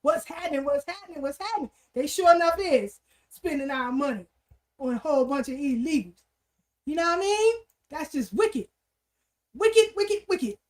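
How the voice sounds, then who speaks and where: Female livestream host, high voice, casual and repetitive with street slang. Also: expressive, normal speed, a little mellow. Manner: repeats greetings in threes, street slang. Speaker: livestream talk show host. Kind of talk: casual livestream chat, shouting out viewers.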